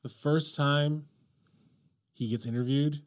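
A man's voice: on the high side, steady tone, slow pace. A man co-hosting a casual podcast chat, making dry, wry remarks. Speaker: podcast co-host.

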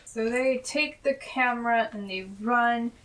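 A woman's voice: a little high, measured pace, a bit bright, recorded from a distance, rough recording. A woman co-hosting a podcast, playfully narrating scenes from a TV episode. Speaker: podcast co-host. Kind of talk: casual chat recapping a TV episode.

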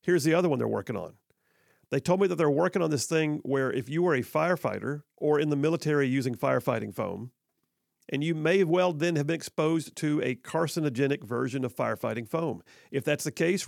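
Man, radio host, folksy, gravelly, dry studio sound. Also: a little high, no echo. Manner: folksy, joking, drawling when slowing down. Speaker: radio talk show host. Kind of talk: casual talk radio with live ad read. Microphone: studio microphone.

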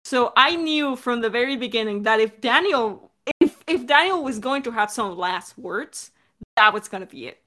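A woman's voice: on the high side, lively intonation, moderate pace, sharp tone. A woman co-creating a podcast, earnestly explaining her choices in a casual Q&A and restarting her phrases as she goes. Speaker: podcast co-creator answering fan questions. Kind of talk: casual Q&A chat.

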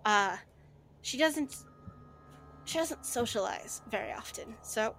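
A woman's voice: fairly high pitch, expressive, noisy background. A woman voicing a hesitant old village man. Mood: concerned. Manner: slow, hesitant, polite.

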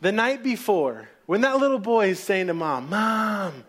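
Male preacher, fairly high voice, relaxed storytelling sermon. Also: moderate pace. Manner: casual storytelling, acts out voices.

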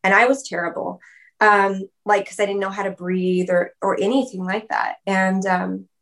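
A woman in an interview, telling a personal story in a chatty way, full of "like" and quick laughs. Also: mid-range voice, little pitch movement, fairly bright tone. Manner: chatty, fillers of "like", laughs often. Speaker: guest.

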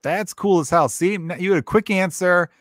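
A man hosting a casual podcast chat, chummy and quick to laugh. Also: high-pitched, no echo. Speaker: podcast host.

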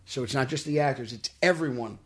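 A man's voice: mid-range voice, fast. A man from Brooklyn, a guest actor on a studio podcast who tells his stories earnestly and acts out the quotes. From Brooklyn, New York. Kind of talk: casual podcast interview.

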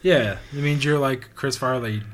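A man in his thirties co-hosting a podcast, animated and swearing freely, breaking into sung and acted bits. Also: medium pitch, moderate pace. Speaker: podcast co-host. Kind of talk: casual chat.

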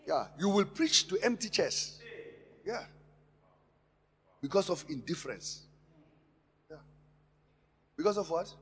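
A man preaching a sermon in a church, impassioned, swinging between quiet asides and loud emphatic lines and repeating words for stress. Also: high voice, animated, slow, long pauses, husky. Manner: impassioned preaching with sharp rises and drops in loudness. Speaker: pastor. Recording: long hall reverb in a church.

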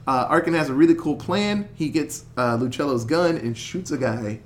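Dude recapping a horror movie on a podcast, swears a lot, does little voices for everyone. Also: male voice, on the high side, moderate pace, a little hiss or hum. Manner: animated, swearing, acts out characters' lines. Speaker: podcast host recapping a film. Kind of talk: casual chat.

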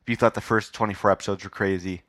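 A man's voice: fairly low pitch, steady tone, rapid-fire, fairly bright tone, dry recording. A man hosting his own podcast, talking in a rambling, self-mocking way with filler words, live on a stage. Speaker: podcast host. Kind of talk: casual live interview. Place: live stage before an audience.

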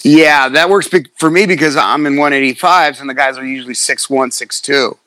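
Profane, animated man telling fight stories. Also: mid-range voice, a little fast, no room sound. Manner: profane, animated storyteller acting out quotes. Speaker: guest, fighter. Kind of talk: casual storytelling chat.

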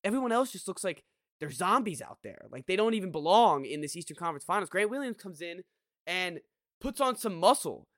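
A man's voice: high voice, very animated, brisk, fairly bright tone, dry recording, studio quality. A man co-hosting a casual sports podcast, rambling and venting his frustration with lots of restarts and sighs. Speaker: podcast co-host.

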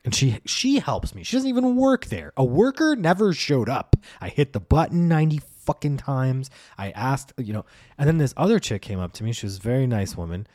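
A man's voice: medium pitch, very animated, brisk, a little mellow, dry recording, clean studio sound. A young man hosting a podcast, telling a comedic story as a profane, exasperated rant and acting out the voices of the people in it. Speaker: podcast host. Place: at home.

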